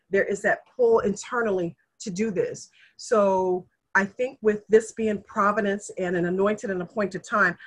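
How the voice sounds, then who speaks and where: A middle-aged woman in casual conversation, telling her family history in an earnest, emotional way and acting out the people she quotes. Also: medium pitch. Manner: earnest, emotional storyteller, animated when quoting others. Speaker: guest sharing family history.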